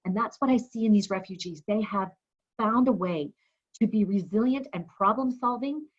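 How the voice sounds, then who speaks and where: A woman's voice: medium pitch, moderate pace, slightly rough. A woman hosting an interview, telling stories in a heartfelt, moved way. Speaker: host. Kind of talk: interview conversation. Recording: dull, muffled audio.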